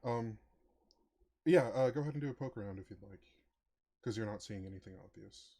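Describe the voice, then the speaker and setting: Man, game master, low voice, hesitant, many fillers. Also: brisk, warm tone. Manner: hesitant, many ums and uhs. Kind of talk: narrating a tabletop game online.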